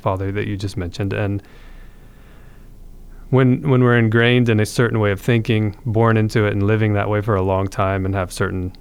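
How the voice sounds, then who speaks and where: Man, podcast guest, earnest, reflective, slightly low voice. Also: little pitch movement, normal speed, clear, resonant tone. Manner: earnest, reflective, frequent restarts. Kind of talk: telling his conversion story.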